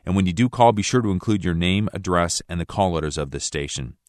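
A man announcing a radio Bible program, reading the listener questions and the offers in a smooth, measured way. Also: sits low, animated, darkish tone, dry recording, clean studio sound. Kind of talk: scripted announcing.

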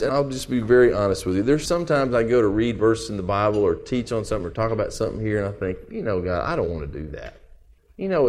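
A man preaching a sermon in a jokey, animated way, reading funny letters and laughing along. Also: mid-range voice. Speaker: pastor.

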